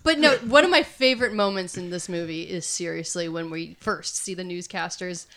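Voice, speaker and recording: A woman's voice: lowish voice, moderate pace, a bit bright. A woman co-hosting a podcast in casual chat, chatty and self-deprecating. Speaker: podcast co-host.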